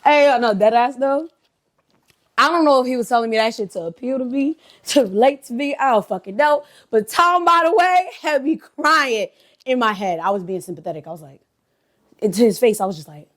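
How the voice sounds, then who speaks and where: A woman vlogger telling a casual storytime, animated, profane, blunt and gossipy. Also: a little high, a little fast. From United States.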